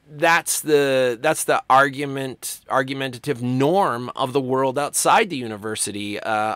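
A male college writing instructor delivers a casual recorded lecture, his pitch swinging freely as he explains. He acts out quoted lines in passing. The sound is dry and close, with no room echo.

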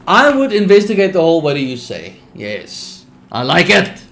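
A man's voice: fairly high pitch, normal speed, few pauses, slight background noise. Tired young man streaming a game. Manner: tired, yawning, laid-back with bursts of excitement. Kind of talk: casual gameplay commentary, reading game text aloud.

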